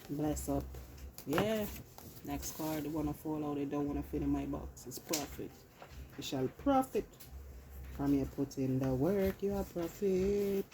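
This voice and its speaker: Slow, low-voiced British woman reading tarot. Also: dark tone, slight background noise. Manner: chatty and loose, swears, talks to herself while handling cards. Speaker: tarot reader. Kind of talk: casual collective tarot reading.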